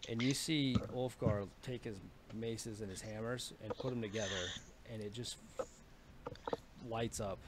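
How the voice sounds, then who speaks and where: Low-voiced man running a tabletop game. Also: fairly even intonation, measured pace, heavy background noise. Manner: casual, profane storytelling with filler words. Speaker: dungeon master.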